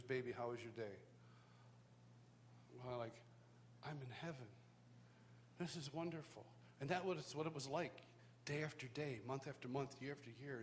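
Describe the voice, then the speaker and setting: A man's voice: medium pitch, fairly bright tone, a little hiss or hum. A middle-aged man preaching at a live church worship school, telling his life story with self-deprecating humor and acting out the voices of people he quotes. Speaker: worship teacher. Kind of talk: personal testimony sermon.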